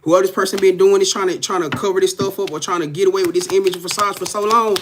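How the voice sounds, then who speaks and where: A man's voice: high voice, fairly even intonation, very fast, a little hiss or hum. A man giving a casual live-stream tarot reading, talking straight to his viewers in a profane, emphatic way, repeating himself and often laughing. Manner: profane, emphatic, keeps addressing viewers directly. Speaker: tarot card reader.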